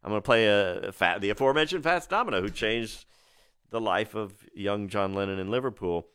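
Low-voiced male radio DJ, chatty and enthusiastic storyteller. Dry, close studio mic. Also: a little fast, a bit bright, clear, resonant tone, dry recording. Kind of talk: radio music show patter.

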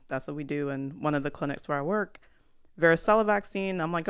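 A woman healthcare worker on a panel chat, telling a patient story in a lively way and acting out the dialogue. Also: low-pitched, brisk, clean tone, no room sound, clean studio sound. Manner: animated storyteller, acts out dialogue.

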